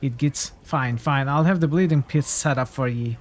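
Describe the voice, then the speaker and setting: A man voicing a grumpy male tavern keeper with a gruff, grumbling manner. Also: mid-range voice, normal speed, close to an everyday voice.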